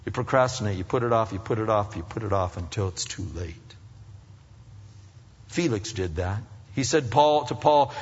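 A man preaching a sermon with emphatic swings between loud rising appeals and hushed earnest passages. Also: lowish voice, normal speed, slightly rough. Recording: dull recording in a reverberant hall.

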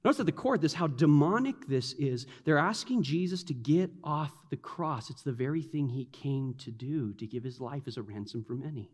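A man preaching a sermon, animated, acting out the taunts of the mockers in a mocking voice. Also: medium pitch, normal speed, hardly any pauses. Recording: long hall reverb.

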